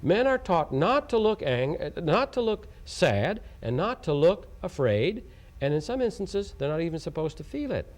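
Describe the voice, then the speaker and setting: A man's voice: a little high, very animated, normal speed. A man from Oklahoma giving a taped educational lecture on communication. He is emphatic, repeats his points and asks rhetorical questions. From Oklahoma, USA.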